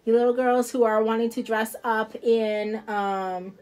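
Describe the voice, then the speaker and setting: An independent nail product seller with a New Jersey accent speaks in a fairly high, somewhat mellow voice, unhurried and fairly even in intonation. During a casual live showcase, she rambles to viewers about her nail products and laughs easily.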